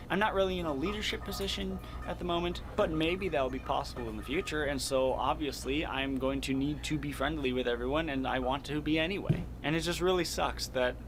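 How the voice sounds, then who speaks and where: A man from the Midwest talking in a casual, rambling vlog monologue, earnest and often laughing at himself. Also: medium pitch. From American Midwest. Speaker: vlogger. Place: moving around a home, partly from the kitchen. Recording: background noise with vehicle ambience.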